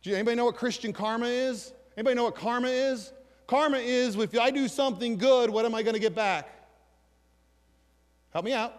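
A man preaches with energy, reading verses and asking his listeners questions. His voice sits fairly high. The sound rings with a long hall reverb. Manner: animated preaching, reads scripture aloud, asks the congregation questions. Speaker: pastor. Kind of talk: sermon.

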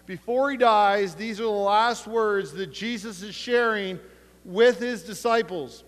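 High-voiced male pastor preaching in a hall. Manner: emphatic preaching with slow dramatic pauses and retold dialogue. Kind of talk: sermon. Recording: long hall reverb.

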